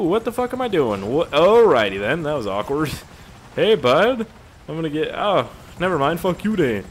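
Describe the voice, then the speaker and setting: A man's voice: fairly high pitch, big pitch swings, moderate pace, slight background noise. Young man rambling over gameplay. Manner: rambling, profane, easily amused. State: tired. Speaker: gaming video creator. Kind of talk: casual gameplay commentary.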